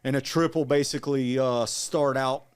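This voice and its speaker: A man in his forties telling his story in an interview, earnest and halting, with frequent restarts. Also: mid-range voice, steady tone, clear, resonant tone. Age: 40s. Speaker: guest, Marine veteran.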